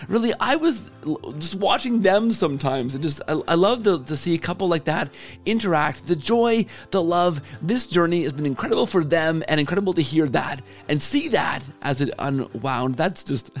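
A man hosting a podcast, hoarse and scratchy from allergies, gushing with enthusiastic praise as he wraps up an interview and signs off. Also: on the high side. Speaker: podcast host. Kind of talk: casual interview wrap-up and sign-off. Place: home in Canada.

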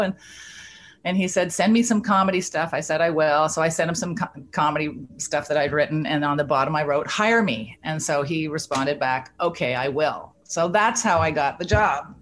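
A middle-aged woman from Canada, an interview guest telling a story in a lively, chatty way, acting out the quoted voices and laughing often. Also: low-pitched, brisk, slight background noise. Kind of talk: casual storytelling.

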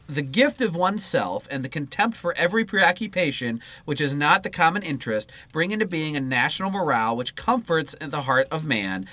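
A man's voice: on the high side, pushed and bright. A man co-hosting a podcast, reading a political text aloud and breaking off into profane, casual asides. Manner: swears freely and breaks into asides mid-reading. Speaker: podcast co-host.

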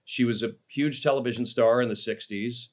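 A man's voice: mid-range voice, fairly even intonation, moderate pace. A man, an actor, telling stories about his life in a casual interview, rambling with fillers and restarts. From Los Angeles, USA.

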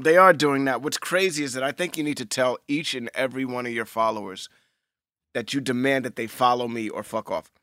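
A man co-hosting a podcast, joking around loudly and riffing in casual chat. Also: medium pitch, brisk, no echo, clean studio sound. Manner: loud, playful, riffing. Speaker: podcast co-host.

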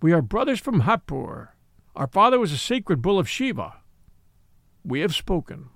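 A man's voice: sits high, big pitch swings, normal speed, fairly bright tone, no echo, studio quality, exaggerated voice. A man voicing a pair of stolid, fatalistic bullocks that speak in a plain, matter-of-fact way.

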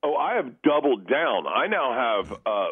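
A man in his forties, a comedian guest in a casual interview, telling animated stories, laughing often and acting out the voices of the people he quotes. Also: medium pitch, measured pace, husky, dry recording, phone-quality sound.

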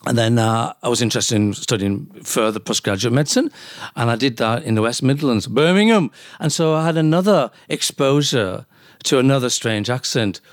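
A middle-aged doctor, born in South Wales and raised in Leeds in the UK, guests on a podcast, speaking fairly quickly at medium pitch. Chatty and jokey, he tells anecdotes in casual interview talk, recorded dry with studio quality.

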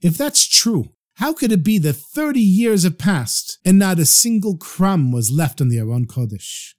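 Guy doing a sweet earnest believer, talks from the heart, kinda high. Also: big pitch swings, a little slow, darkish tone. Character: simple devout earnest male congregant.

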